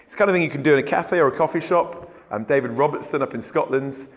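Man teaching in a reverberant hall. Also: a little high. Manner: relaxed, unhurried, filler-laden. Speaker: evangelism trainer. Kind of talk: conversational training talk.

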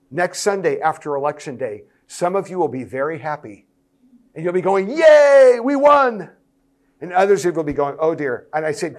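A pastor addressing church leaders in an earnest, emphatic way. His voice sits a little high for a man, and he hammers points home by repeating short phrases. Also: darkish tone. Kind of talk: sermon-style talk to church leaders.

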